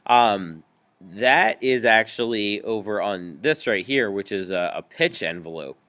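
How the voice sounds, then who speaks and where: A man teaching a music software tutorial, explaining each step patiently with frequent ums. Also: on the low side, lively intonation, measured pace. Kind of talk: screen-recorded software tutorial.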